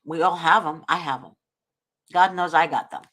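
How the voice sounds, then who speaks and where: A woman's voice: deep voice, normal speed, fairly bright tone. A woman hosting a talk show, giving earnest, preachy advice and often invoking God. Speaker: host.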